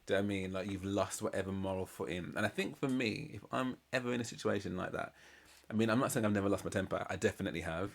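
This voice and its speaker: A man's voice: on the low side, fast, gravelly. A man giving casual, slangy reaction commentary on a reality show, retelling scenes with laughs. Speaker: reaction channel host.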